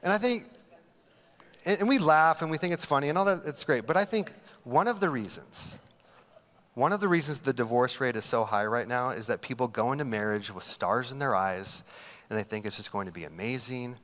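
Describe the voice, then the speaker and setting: A man's voice: mid-range voice, fairly bright tone, long reverb tail. A man preaching a humorous sermon as pastor, telling stories animatedly and mocking the voices he quotes. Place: large church auditorium.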